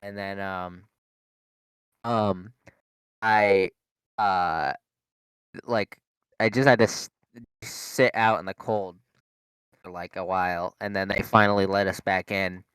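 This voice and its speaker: A man's voice: low-pitched, steady tone, slow, pauses often, fairly bright tone, clean tone, no echo. A young man, a podcast co-host, telling a rambling story in casual chat, full of fillers and swearing. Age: young adult.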